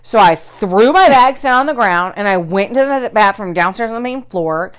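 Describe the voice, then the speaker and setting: With a mid-range voice at normal speed, a middle-aged woman chats casually through a story, cursing with animation and loudly voicing the other people's lines.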